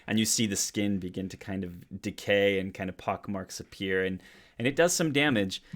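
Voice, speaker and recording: Very deep-voiced man running a tabletop game. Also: moderate pace, a bit bright. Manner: casual, many fillers and restarts. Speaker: dungeon master.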